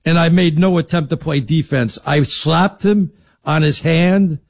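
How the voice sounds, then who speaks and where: A middle-aged man co-hosting sports talk, telling stories in a loud, lively, boisterous way. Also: on the high side, measured pace. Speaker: sports radio co-host. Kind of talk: casual sports talk banter.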